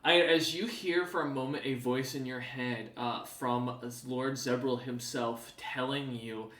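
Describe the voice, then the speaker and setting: Male game master, bright and rambling in his descriptions, recorded in a reverberant room. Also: mid-range voice, steady tone, measured pace, hardly any pauses. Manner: loose, filler-heavy scene description. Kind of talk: narrating a tabletop game.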